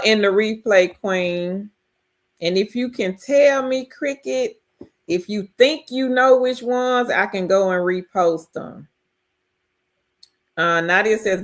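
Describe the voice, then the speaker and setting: A woman's voice: a little high, measured pace. A woman hosting a casual livestream, reading viewer comments aloud and cheerfully greeting and congratulating people by name. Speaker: host of a work-from-home livestream.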